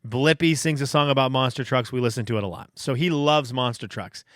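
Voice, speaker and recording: A man hosting his own podcast, telling stories in a casual, animated, self-deprecating way. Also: mid-range voice, brisk, no echo, studio quality. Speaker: podcast host. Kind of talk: casual storytelling monologue.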